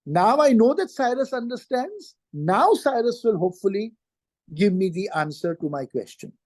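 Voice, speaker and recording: A woman giving a live lesson on communication skills, repeating key points slowly and acting out short sample dialogues. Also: mid-range voice, big pitch swings, darkish tone, dry recording. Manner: acts out sample dialogues while explaining. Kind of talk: live online teaching session.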